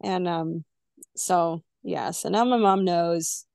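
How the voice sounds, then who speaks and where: Gravelly-voiced woman telling her story. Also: lowish voice, slow, a little mellow, dry recording, clean studio sound. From California. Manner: candid, emotional, acts out quoted dialogue. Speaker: guest. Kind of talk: personal storytelling in a podcast interview.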